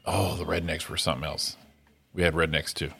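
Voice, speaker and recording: A man's voice: rumbling low, level tone, a little fast, vocal fry, bright, forceful tone. A man hosting a podcast, chatting casually and telling crude, rambling anecdotes. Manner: rambling storyteller with crude humor. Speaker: podcast host. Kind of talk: casual chat.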